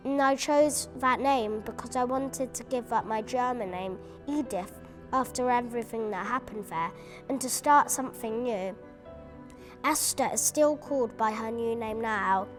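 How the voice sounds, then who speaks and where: A woman reading a prepared account aloud at a memorial event, measured and earnest. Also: fairly high pitch.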